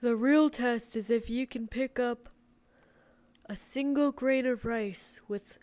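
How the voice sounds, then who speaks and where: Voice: medium pitch, slow, a little mellow, clean tone. A participant in a casual chat who speaks in a playful, teasing way.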